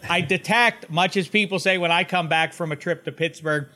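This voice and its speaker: A man's voice: on the high side, normal speed, bright, forceful tone. A man co-hosting a sports podcast, talking in a dry, teasing way. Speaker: podcast co-host. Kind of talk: casual sports chat.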